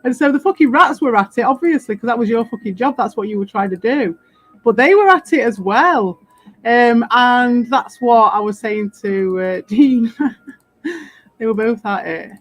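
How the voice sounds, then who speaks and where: A woman's voice: on the high side, expressive, normal speed. A British woman in a casual, rambling monologue, swearing freely, laughing often and sounding defiant. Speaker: crypto streamer.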